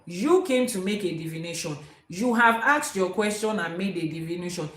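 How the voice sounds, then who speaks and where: A woman's voice: on the low side, normal speed, fairly bright tone. A woman, teaching as an Ifa priestess, emphatic and quoting proverbs. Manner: emphatic, repeats key words, quotes proverbs. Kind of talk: spiritual teaching talk. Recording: echoey room.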